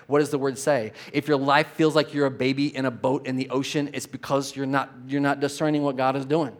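Preaching briskly in a mid-range voice, a male pastor delivers an animated sermon that swings between loud exhortation and quiet asides, laughing often.

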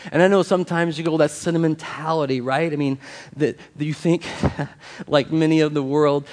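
A man with a fairly high, darkish voice speaks at a slightly fast pace with fairly even intonation. He's a pastor preaching into a handheld or stand microphone in a church sanctuary, reading scripture, then talking plainly with casual asides before leading a prayer.

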